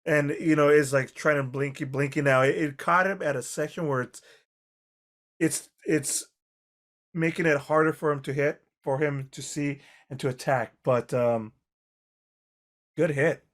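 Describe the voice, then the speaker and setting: A man running a tabletop game as game master, narrating in halting bursts with many restarts. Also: on the high side, steady tone.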